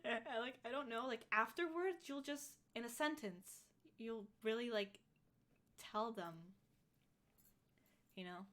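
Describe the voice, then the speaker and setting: A woman's voice: a little high, unhurried, long pauses, a bit bright. A woman in her twenties co-hosting a podcast, chatting casually and rambling with lots of fillers. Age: 20s. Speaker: podcast co-host. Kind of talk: casual chat.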